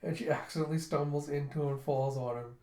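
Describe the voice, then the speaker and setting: A man's voice: a little high, fairly even intonation, fast talker, darkish tone. A man chattily retelling a comic book as a casual reviewer. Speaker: manga reviewer. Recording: echoey room.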